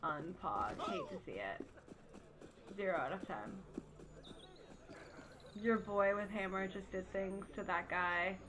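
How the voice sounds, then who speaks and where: A woman's voice: medium pitch, background noise. Blunt, swearing woman streaming a game. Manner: blunt, swears often, quick reactive outbursts. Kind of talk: casual live gameplay commentary.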